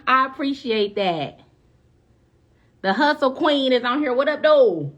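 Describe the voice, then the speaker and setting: A woman's voice: high-pitched, expressive, a little slow, pauses often, a bit bright, dull audio. A woman hosting a live-stream show, chatting casually and greeting her viewers by name with bubbly, effusive energy.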